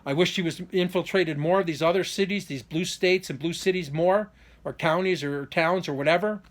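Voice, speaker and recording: A man's voice: high-pitched, moderate pace. A man talking straight to camera in an unscripted monologue, rambling with frequent restarts and an indignant, aggrieved tone that speeds up in bursts on key points. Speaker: vlogger giving a personal update.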